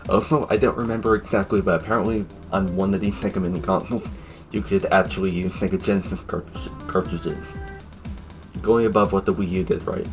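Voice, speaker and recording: Low-voiced man with sarcastic asides. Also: fairly even intonation, a little fast, music in the background. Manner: offhand and sarcastic, with joking asides. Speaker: YouTube reviewer. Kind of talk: casual video review narration.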